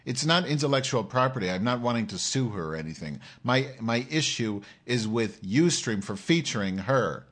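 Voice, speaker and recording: A man's voice: medium pitch, lively intonation, moderate pace, few pauses, a bit bright. Profane, ranting male live-streamer. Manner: profane, sarcastic, combative with viewers.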